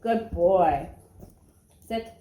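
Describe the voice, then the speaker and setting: A woman's voice: on the low side, very slow, narrow, tinny audio. A woman training her dog, giving short commands and singsong praise. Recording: echoey room, faint noise, dog barking.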